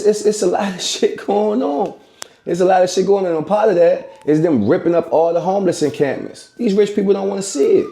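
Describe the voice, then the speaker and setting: Laid-back podcast host with a mellow voice. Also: male voice, on the high side. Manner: loose, profane, conversational street talk. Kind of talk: casual solo commentary.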